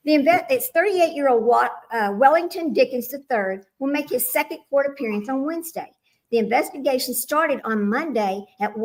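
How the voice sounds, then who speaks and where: A woman hosting a casual livestream, chatty and addressing viewers by name, flustered and muttering to herself over technical trouble. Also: sits high. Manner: flustered with tech, muttering asides. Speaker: livestream host. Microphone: small microphone.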